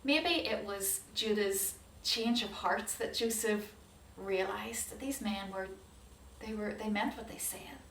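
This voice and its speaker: A woman telling a Bible story to children as a Sunday school teacher, animated and asking her listeners questions. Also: medium pitch, takes it slowly, slight background noise. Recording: roomy hall, distant mic.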